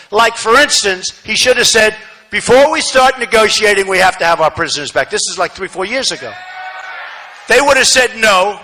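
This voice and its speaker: Bright, high-voiced man shouting a rally speech. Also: low-quality recording. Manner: repetitive, emphatic, rambling asides; swings between shouting and muttering. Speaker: political speaker at a rally. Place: large rally venue, no seating.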